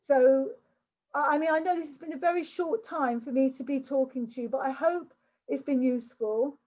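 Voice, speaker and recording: A woman's voice: sits high, fairly even intonation, normal speed, darkish tone, poor audio. An older woman from England giving a chatty online workshop talk over a video call, often repeating words and restarting. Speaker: workshop speaker.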